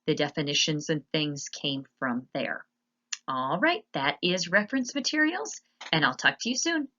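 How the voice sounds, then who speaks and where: A woman teacher narrating a slide lesson, explaining patiently and spelling words out slowly. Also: deep voice, expressive, pushed and bright, dull audio.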